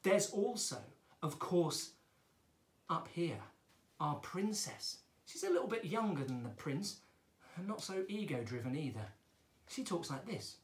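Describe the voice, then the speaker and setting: A male children's drama teacher talks in a chatty, playful manner with a lively pitch. He speaks a little slowly, and the room is echoey.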